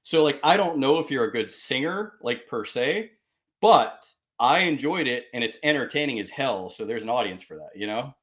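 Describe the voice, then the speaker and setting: A man hosts a casual chat over a video call, with a plain mid-range voice. He talks in loose, rambling stretches, full of fillers and quick laughs. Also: medium pitch, lively intonation, fairly bright tone. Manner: chatty, laughs often, lots of filler "like". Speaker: podcast host.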